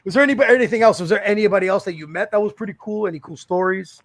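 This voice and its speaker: A man's voice: high voice, rapid-fire. A man hosting a podcast, asking questions and joking with the guest in a casual, profane way. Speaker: podcast host.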